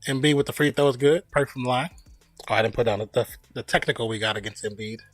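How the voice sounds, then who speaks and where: A medium-pitched male streamer talks fast, giving casual play-by-play of a basketball game at a live watch party. He's opinionated, joking, and laughing at his own remarks, with faint music behind him and no echo.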